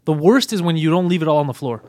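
A man hosting a casual podcast, chiming in with quick, encouraging remarks. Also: fairly high pitch, lively intonation, a little mellow, dry recording. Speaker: podcast host.

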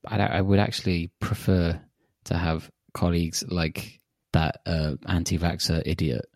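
Low male voice, teasing and blunt banter, dry close mic. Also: fairly even intonation, a little slow, darkish tone, no echo. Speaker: podcast co-host. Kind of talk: casual chat.

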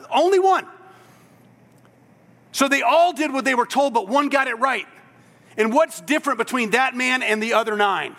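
High, bright-voiced preacher in a reverberant hall. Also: male voice. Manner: animated storytelling, acts out voices in quotes. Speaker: pastor. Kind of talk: sermon.

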